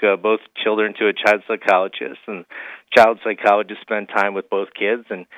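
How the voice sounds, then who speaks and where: A man's voice: fairly low pitch, no room sound. A man speaking as a financial advisor on a radio call-in, folksy and full of fillers as he tells a story. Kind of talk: phone-in radio guest, storytelling. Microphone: phone. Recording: tinny phone line.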